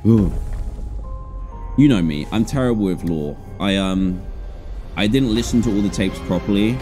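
A man giving excitable let's play commentary on a horror game, with sudden high yelps. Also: normal speed, over music. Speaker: gaming streamer.

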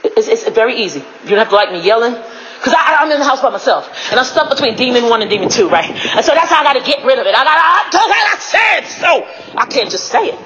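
A woman preaching on her own at home, shouting a repeated phrase, then dropping her voice and laughing between lines. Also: animated, quick pace, highs cut off, some chatter behind, slight background noise. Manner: shouts a repeated catchphrase, then drops low, laughing often. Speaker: lay preacher. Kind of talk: informal spoken devotional. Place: home, indoors.

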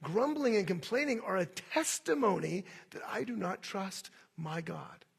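Male pastor, sermon delivery, husky, fairly high, lively acting-out of quoted voices. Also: a little slow. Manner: animated, acts out complaining voices.

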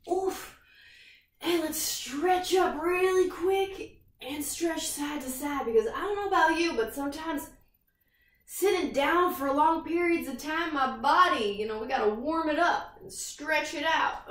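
A woman's voice: high-pitched, reverberant, distant mic. A woman leading a yoga class for young children, cheerful and sing-song, making animal sounds with them. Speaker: kids' yoga instructor. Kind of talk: guided kids' yoga class.

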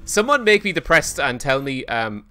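A man streaming himself playing a video game. He gives casual commentary in an excitable, self-mocking way and swears often. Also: fairly high pitch, moderate pace, faint music behind. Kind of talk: casual let's-play commentary.

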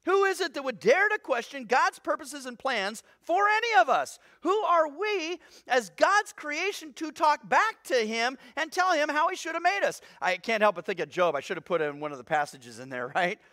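A man preaching a sermon as pastor, animated and conversational, acting out little voices as he goes. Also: very high voice, moderate pace, few pauses, dry recording, clean studio sound.

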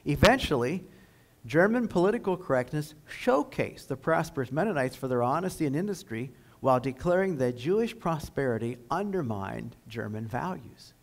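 A man lectures to a high school audience with an earnest, emphatic delivery. His voice sits a little high for a man and carries a gravelly edge. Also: sing-song, moderate pace, poor audio. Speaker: guest lecturer. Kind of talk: history lecture.

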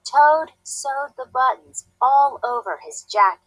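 A woman teacher reading a storybook aloud to a class, clear, deliberate and expressive. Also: sits high, no echo, rough recording.

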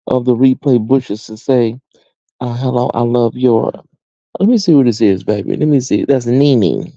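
A sassy, chatty American man hosting a live stream, his pitch swooping up and down as he talks. His voice is dark and mellow, recorded dry and a little dull. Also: dry recording. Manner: sassy, chatty, addresses viewers as honey and baby. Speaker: host. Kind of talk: casual live-stream chat.

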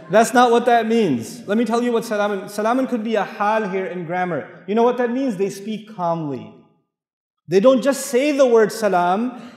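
A man from Pakistan giving a mosque lecture, telling personal stories and acting out the dialogue while joking with his audience. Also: high voice. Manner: animated storyteller who acts out dialogue and jokes with the crowd. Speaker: Islamic lecturer. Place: large mosque hall with audience. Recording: echoey hall with long reverb.

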